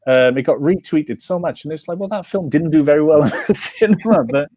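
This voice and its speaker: A man's voice: fairly high pitch, lively intonation, a little fast, warm tone, no echo. A Welsh man, a comics writer, talking in an interview, rambling with many restarts and fillers. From Wales. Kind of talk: interview conversation.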